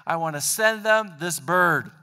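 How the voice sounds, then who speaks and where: A man voicing a homesick young man in a sermon story, earnest and excited. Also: on the high side, measured pace, clear, resonant tone, long reverb tail.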